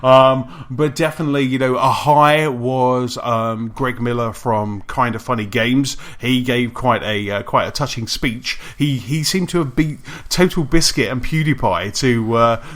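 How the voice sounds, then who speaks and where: Male podcast host, bright forceful tone, rambling chatty delivery full of ums. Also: mid-range voice, a little slow, few pauses. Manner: rambling, many fillers and restarts, laughs easily. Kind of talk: casual gaming podcast chat.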